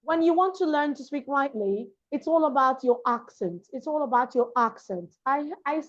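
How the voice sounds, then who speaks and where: Speaking at a moderate pace in a high, lively voice, a Nigerian diction coach who grew up in Lagos explains her ideas with emphasis during an interview, going back over key points. The audio quality is dull and lo-fi.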